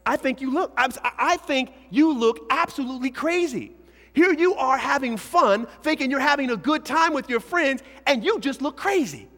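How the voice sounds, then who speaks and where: A man preaching a lively sermon to young people as a youth pastor, swinging between shouts and hushed asides. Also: very high voice, moderate pace. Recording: hall reverb.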